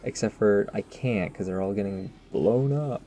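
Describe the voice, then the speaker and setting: A man talks through his own match in loose, rambling post-game commentary, full of self-mocking jokes and asides to his viewers. His voice sits fairly low with a mellow, dark tone, and a faint hiss lies underneath. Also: moderate pace. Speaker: gaming commentator.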